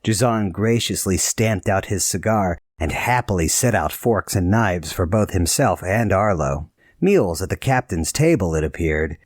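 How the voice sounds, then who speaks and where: A man narrating a novel in a measured storytelling voice. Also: low-pitched, dry recording, studio quality. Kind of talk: scripted audiobook narration.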